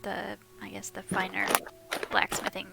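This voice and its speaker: A woman, a player in a tabletop game, thinking aloud in a drawn-out, musing way. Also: mid-range voice, completely flat delivery, creaky, very noisy. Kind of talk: casual tabletop game chat.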